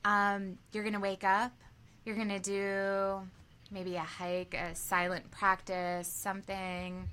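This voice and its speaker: A woman guest on a podcast, talking about her work in an animated, enthusiastic way and laughing often. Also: mid-range voice, slow, clear, resonant tone. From United States. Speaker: podcast guest, aerial yoga teacher. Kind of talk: casual podcast chat.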